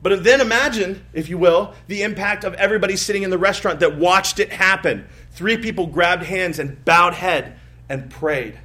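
Male pastor, fairly high voice, lively sermon delivery with big swings in loudness. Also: moderate pace. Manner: storytelling, swings from soft asides to emphatic rises.

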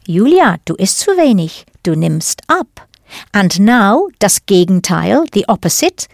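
Woman teacher reading a language lesson, slow and clear, lively ups and downs, dry studio sound. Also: mid-range voice, no room sound. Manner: patient, deliberate explaining with model phrases. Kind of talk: scripted audio language lesson.

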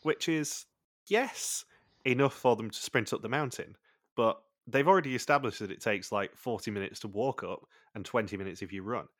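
Low-voiced chatty man recapping a show. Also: moderate pace, a bit bright, no room sound, studio quality. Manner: chatty, recaps plot points in long runs. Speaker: podcast host. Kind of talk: casual chat recapping a TV show.

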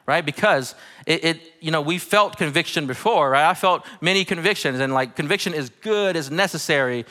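A young adult man, a pastor, giving a conversational, animated sermon in a church. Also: fairly high pitch, big-room sound. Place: church sanctuary.

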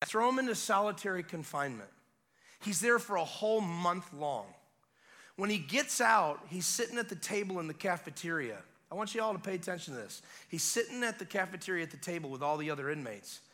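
A man preaching a revival sermon as guest preacher, retelling a scene in an animated way with casual asides. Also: high-pitched, fairly quick. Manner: animated storytelling, acting out scenes; conversational asides.

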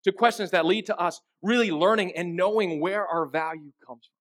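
At a normal speed, a man who serves as pastor preaches in an easygoing, conversational way. He keeps engaging his audience with rhetorical questions, and his voice is quite high for a male.

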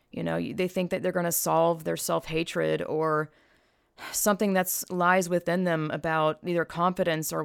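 A woman's voice: lowish voice, gravelly, smooth, no echo, clean studio sound. A woman giving a casual opinion monologue, blunt and profane, emphatic, with frequent sighs. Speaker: vlogger.

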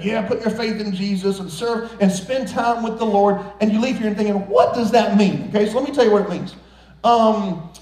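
A man's voice: sits high, darkish tone, echoey room, poor audio. A man preaching a sermon as pastor of a church, earnest and exhorting, breaking in with playful jokes. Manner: playful, joking asides between earnest exhortations. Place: large church sanctuary.

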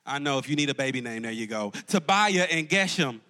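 A man's voice: mid-range voice, expressive, a little fast, bright, forceful tone. A man preaching a live sermon to a congregation in a church as campus pastor, calling out to the crowd and swinging his voice up and down for emphasis. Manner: call-and-response preaching, rising and dropping for emphasis. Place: church auditorium before a congregation.

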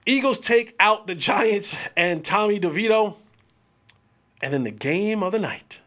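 A man hosting a sports podcast in casual, animated talk, full of slang, trash talk and drawn-out hype calls. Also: sits high.

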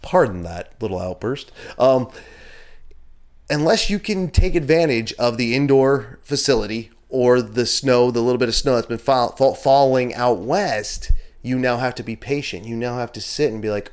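A man hosting a podcast in a casual, rambling monologue, cursing now and then and jumping up in pitch when he gets worked up. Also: normal speed. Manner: chatty and rambling, swears freely, animated pitch jumps. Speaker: podcast host. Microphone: filmed talking to a camera with a monitor.

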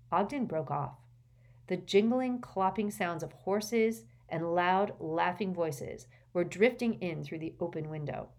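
A woman with a low voice narrates a novel. Her reading is measured and expressive. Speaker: audiobook narrator. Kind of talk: audiobook narration.

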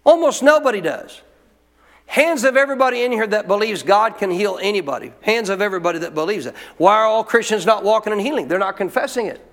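Quick-paced and high-pitched, a pastor preaches with lively intonation and a bit of brightness, emphatically landing each point with rhetorical questions. His voice rings through a long hall reverb.

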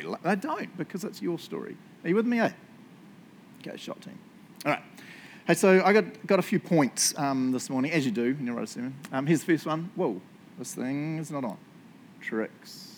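A man giving a relaxed, joking sermon, often checking in with the congregation. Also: a little high, moderate pace, slight background noise. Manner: chatty, joking, keeps asking "right?". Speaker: pastor. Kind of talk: casual sermon. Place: church service.

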